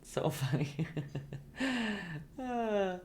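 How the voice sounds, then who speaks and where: A chatty, playful woman guides viewers through a painting step by step on a live stream. She laughs easily and answers her viewers as she works, in a voice of middle pitch. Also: big pitch swings, very slow, mellow.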